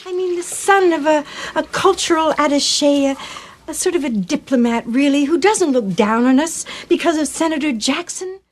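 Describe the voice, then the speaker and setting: A flustered society wife. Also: female voice, high voice, expressive, moderate pace. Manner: hesitant, fumbling for words. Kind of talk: 1990s film comedy acting.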